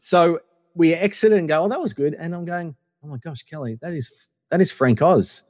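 A man with a fairly high speaking voice tells a rambling, casual story, full of fillers and quoted exchanges. His voice sits close and dry on the mic, but a long reverb tail trails behind it. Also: normal speed, darkish tone. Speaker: guest.

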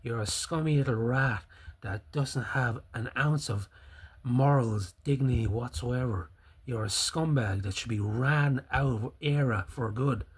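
A young Irish man rants in a husky, slightly breathy voice at an ordinary pitch for a man. He piles on profane insults with open scorn and breaks into loud laughing fits. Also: a little slow. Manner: angry, sweary, scornful insults. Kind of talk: profane ranting commentary.

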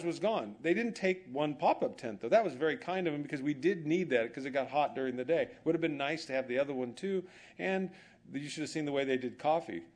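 A man's voice: a little high, a little mellow. A male pastor preaching a sermon in a church, telling humorous stories and acting out bits of dialogue. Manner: storytelling with humor, acts out quoted dialogue.

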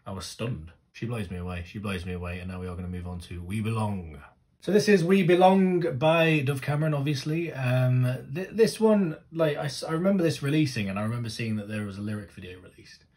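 A man, gushing and swearing freely in casual reaction commentary, breaking into loud exclamations. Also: mid-range voice, animated, brisk. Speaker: music reaction host.

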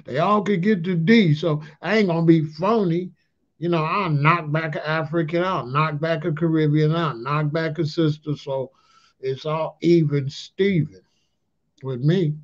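A man's voice: fairly high pitch, moderate pace. A man giving a casual ranting monologue in loose street slang, often tagging lines with "allegedly" and "you know what I'm saying". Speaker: commentator on a talk channel. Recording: dull lo-fi sound.

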